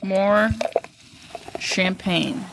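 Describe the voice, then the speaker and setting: A woman co-hosting a podcast, chatting casually and telling stories in an animated, chatty way. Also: medium pitch, drawn-out words, vocal fry, background noise. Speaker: podcast co-host. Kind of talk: casual chat.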